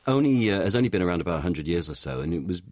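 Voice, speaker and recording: An actor talking in an interview, animated and explanatory, often restarting his sentences. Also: sits low, rapid-fire, dry recording, clean studio sound. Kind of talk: interview chat.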